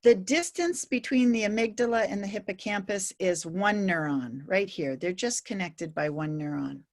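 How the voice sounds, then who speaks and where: A woman's voice: medium pitch, normal speed. A woman presenting a teacher-training workshop, explaining with frequent fillers and restarts, voicing students animatedly. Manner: lively, animated when quoting students.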